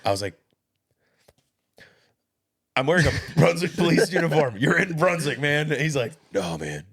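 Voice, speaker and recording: A man's voice: fairly high pitch, big pitch swings, moderate pace, a bit bright. A man telling stories from police work as a podcast guest, laughing often. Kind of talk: casual storytelling.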